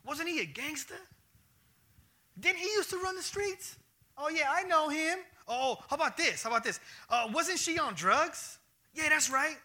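A man's voice: extremely high pitch, lively intonation, normal speed, bright, forceful tone, pitched above the performer's own voice, full character voice. A man playing a nosy, smug gossip who digs up other people's failures in mocking questions. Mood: gossipy. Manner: sneering, mock-surprised questions.

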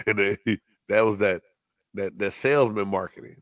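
A man's voice: lowish voice, moderate pace, no echo, studio quality. A man from Texas co-hosting a podcast in casual chat, retelling stories in a laid-back way and laughing along. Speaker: podcast co-host.

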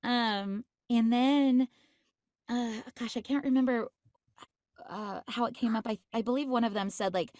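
A woman's voice: fairly high pitch, fairly even intonation, normal speed, no room sound, clean studio sound. A woman voice actress chatting in an interview, bubbly and laughing often, with many fillers. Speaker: voice actress guest. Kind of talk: casual interview chat.

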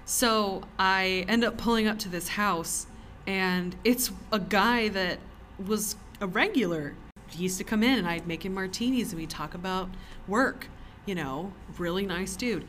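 A woman co-hosting a podcast from a cellar, telling stories in an animated way and laughing often. Her voice sits in a middle pitch, and the room ambience is faint. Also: measured pace, hardly any pauses, slight background noise. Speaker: podcast co-host. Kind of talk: casual podcast chat.

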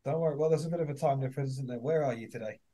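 A man's voice: medium pitch, rapid-fire, warm tone. A man hosting a football coaching podcast, asking questions in a chatty way and telling anecdotes. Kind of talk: casual conversational interview.

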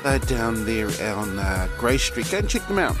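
A man hosting a casual sports talk show, relaxed and chatty. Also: medium pitch, moderate pace, loud music behind the voice. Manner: relaxed, chatty, uses Māori greetings. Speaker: host.

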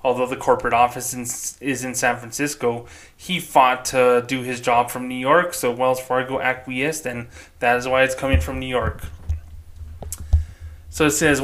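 Man, podcast host, blunt, sarcastic, outspoken commentary, mid-pitched voice. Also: level tone, moderate pace, a bit bright.

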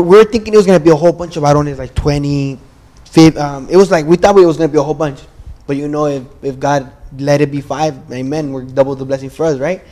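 A man's voice: a little high, a little mellow. Earnest young man sharing faith. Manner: earnest, rambling, says bro and like a lot. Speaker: church member sharing testimony. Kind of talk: casual testimony chat.

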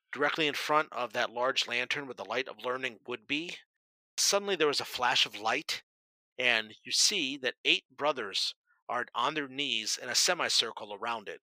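A man's voice: medium pitch, bright, forceful tone, no room sound, low-quality recording. A man narrating a tabletop game as game master, describing scenes vividly and dramatically.

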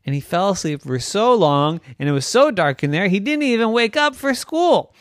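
A man spins an improvised bedtime story in a playful, animated way. His voice sits a little high and swings widely in pitch. The recording is close and dry. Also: moderate pace, no echo.

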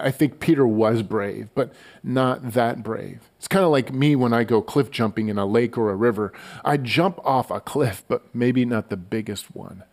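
A man giving a relaxed, conversational sermon as a pastor, often repeating words as he goes. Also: mid-range voice. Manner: conversational, relaxed storytelling with frequent stammered word repeats.

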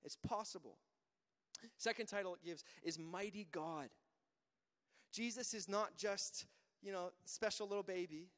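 Casting note: a man with a high voice, giving a relaxed conversational sermon with a long reverb tail, restarting phrases often. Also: measured pace, long pauses. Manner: conversational, repeats words when starting a thought. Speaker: pastor. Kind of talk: casual sermon.

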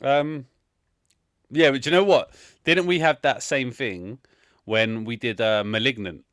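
A man co-hosting a film review podcast, talking in a profane, excitable way with loud outbursts. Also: medium pitch, measured pace, no room sound, clean studio sound. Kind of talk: casual chat.

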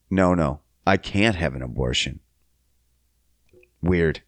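Animated, slow-talking male podcast host. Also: dry recording. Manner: sing-song, jumps high in pitch for silly bits, profane. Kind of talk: solo comedic podcast rant.

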